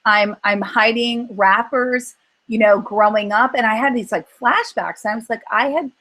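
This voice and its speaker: A woman's voice: a little high, moderate pace, low-quality recording. A woman coaching on emotional eating in a group call, talking earnestly and acting out her own inner voice as she tells stories. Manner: earnest, animated storytelling with acted-out inner voices. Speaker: weight-loss coach.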